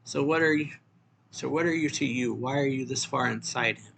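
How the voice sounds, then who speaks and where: A man's voice: medium pitch, moderate pace, gravelly, fairly bright tone, a little hiss or hum. A man reading as a bewildered young man. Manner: bewildered questioning. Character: confused young man trapped inside a mind.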